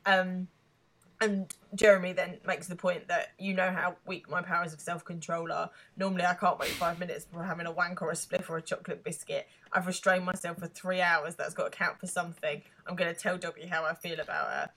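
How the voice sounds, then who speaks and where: A woman co-hosting a podcast in casual chat, recapping a TV episode, laughing often and pausing with hesitant ums. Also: on the low side, little pitch movement, fairly bright tone. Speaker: podcast co-host.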